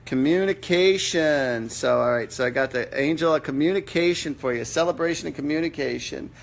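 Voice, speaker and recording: Gravelly-voiced man giving casual readings. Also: medium pitch, fast. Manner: casual, blunt, mild swearing. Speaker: psychic medium host. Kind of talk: live-stream psychic readings. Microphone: computer or phone mic on a live stream.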